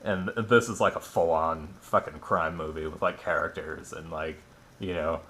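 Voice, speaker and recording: A man's voice: rumbling low, fairly even intonation, moderate pace, sharp tone. A man giving a casual, rambling film review, full of fillers like "like" and "you know", with plenty of swearing. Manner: rambling, filler-heavy, profane. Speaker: movie reviewer.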